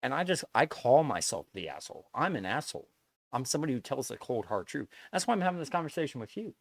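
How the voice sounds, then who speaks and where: A man's voice: mid-range voice, creaky, no room sound. A man streaming live, talking bluntly to his viewers in a lecturing way, swearing and repeating himself as he makes his point. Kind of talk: casual stream chat to viewers.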